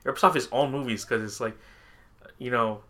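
A man's voice: medium pitch, fairly quick, bright, forceful tone. A young man co-hosting a podcast in casual chat, rambling and laughing often as he quotes movie lines. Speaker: podcast co-host.

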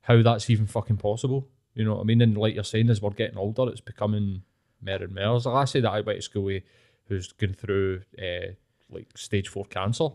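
A man's voice: lowish voice, fairly even intonation, a little fast, vocal fry, a little mellow. A Scottish man in his late thirties with a Glaswegian accent, telling frank, swear-filled stories in a casual podcast chat. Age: 30s.

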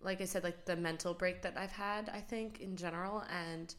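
A young American woman co-hosting a podcast, speaking in a relaxed, reflective way with frequent ums. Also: fairly low pitch, moderate pace. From United States. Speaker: podcast co-host. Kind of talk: casual chat.

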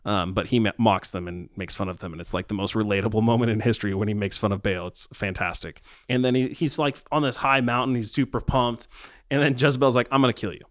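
Low-voiced man musing on faith. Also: steady tone, fast talker, fairly bright tone, no echo, clean studio sound. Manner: reflective, rambling, many ums. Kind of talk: casual faith discussion.

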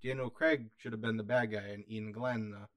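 A man co-hosting a podcast, making sarcastic, deadpan wisecracks while discussing a movie. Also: on the low side, moderate pace. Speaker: podcast co-host. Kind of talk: casual chat about a movie.

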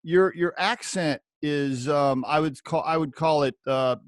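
A man's voice: on the high side, a little slow, no echo. Man hosting a casual interview, dry sound. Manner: friendly, laughs often, short backchannels. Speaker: host.

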